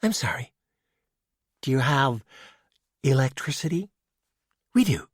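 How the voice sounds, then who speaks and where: Man doing a young Irish girl detective, higher voice, insistent, dry close sound. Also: very animated, a little slow, slightly rough, dry recording. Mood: irritated. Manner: insistent, wry and impatient.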